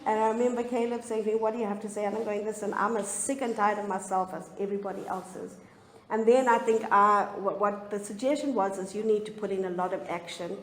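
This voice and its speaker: A middle-aged woman telling her recovery story as a personal testimony, candid and often halting with emotion. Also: medium pitch, steady tone, slight background noise. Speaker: speaker sharing a recovery story. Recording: echoey room, faint ambience.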